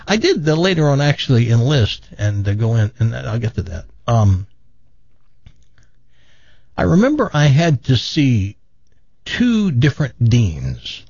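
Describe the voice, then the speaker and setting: An older man telling stories from his past in a relaxed, self-deprecating way, with a dull, muffled sound. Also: medium pitch, measured pace, vocal fry, long pauses, husky, dry recording. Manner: animated, self-deprecating, acts out quoted voices. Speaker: guest telling his life story. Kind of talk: casual storytelling.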